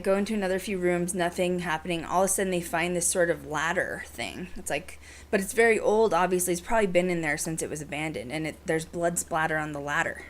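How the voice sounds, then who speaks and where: A woman hosting a podcast, telling a story in casual chat, animated and full of "like" and "you know". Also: lowish voice. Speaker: podcast host.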